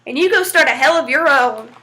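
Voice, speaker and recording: A woman doing a loud, pleading folk-tale devil. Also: high voice, lively intonation, fairly quick, a little hiss or hum. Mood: gruff. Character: blustering male devil, pleading then gruff.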